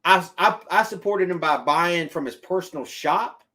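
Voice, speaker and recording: A man with a notably high-pitched voice delivers football opinions on a live stream. He talks to his chat directly, repeating his points for emphasis and arguing them out loud. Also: moderate pace. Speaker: sports streamer.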